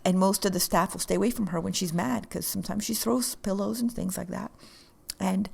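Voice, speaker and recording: A woman's voice: medium pitch, fairly even intonation, a little fast, creaky, darkish tone, breathy edge. A woman co-hosting a podcast, talking in an earnest, encouraging coaching way. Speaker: podcast co-host. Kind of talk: casual chat.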